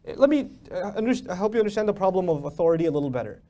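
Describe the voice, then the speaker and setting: A man's voice: high-pitched, lively intonation, rapid-fire, warm tone. A man giving a religious lecture as a preacher, emphatic and full of rhetorical questions. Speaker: Islamic preacher.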